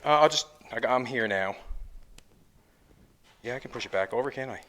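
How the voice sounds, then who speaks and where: A man's voice: mid-range voice, fairly quick, background noise. A Canadian man hosting a car-building show, chatting and explaining each step of his metalwork as he goes. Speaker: metal fabricator and show host. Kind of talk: hands-on build commentary. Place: car workshop.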